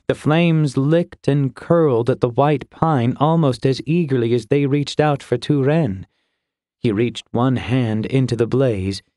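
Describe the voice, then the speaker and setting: Brief: male audiobook narrator, mid voice, measured, dry studio sound. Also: medium pitch, a little mellow, no echo. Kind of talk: scripted fantasy narration.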